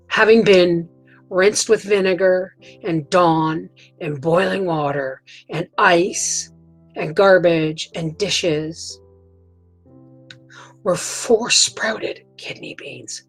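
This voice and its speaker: A woman vlogging from her homestead tells a rambling, emotional story to the camera in a folksy, chatty way. Her voice is fairly low pitched, and the recording quality is low.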